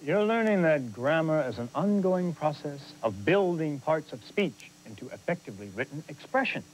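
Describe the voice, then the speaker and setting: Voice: mid-range voice, very animated, moderate pace, slight background noise, natural voice, low-quality recording. An actor playing an encouraging grammar mentor in a scripted educational TV lesson. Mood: explaining.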